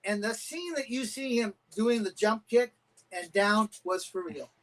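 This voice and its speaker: Animated middle-aged man telling stories. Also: sits high, a little slow, poor audio. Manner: animated anecdotes with acted-out quotes. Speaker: guest, karate champion and stuntman. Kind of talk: casual storytelling interview.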